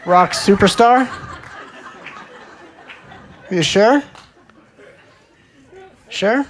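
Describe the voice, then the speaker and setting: A man's voice: deep voice, gravelly, pitched below the performer's own voice. A man voicing a sarcastic, teasing inner child, a little boy who mocks the listener.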